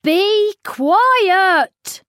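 A woman with a British accent voicing a grumpy old male farmer in a children's storybook reading, cross and begging for quiet. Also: very high-pitched, animated, drawn-out words, no echo, studio quality, exaggerated voice. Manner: cross, pleading for silence.

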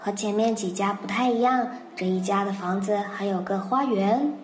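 This Mandarin-native woman speaks at a medium pitch and normal pace, and there's slight hiss or hum. She patiently tells a children's story, explains English words, and repeats phrases in a bilingual storytelling lesson. The room sounds spacious, and faint music can be heard.

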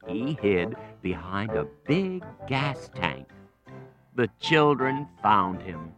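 A woman reading an English picture book aloud to children, slow, clear and expressive. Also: very deep voice. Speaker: storyteller.

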